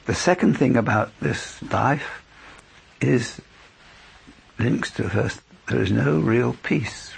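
A lay preacher teaches a church group how to share their faith, earnest and anecdotal, acting out both sides of conversations in this instructional talk. His mid-range voice is creaky and husky, and he takes it slowly.

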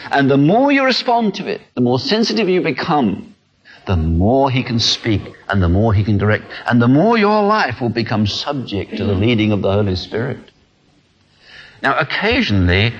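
A man's voice: mid-range voice, normal speed, husky. A man preaching a sermon in an earnest way, acting out the small voices people hear in their heads. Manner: earnest, animated, acts out inner voices. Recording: dull lo-fi sound.

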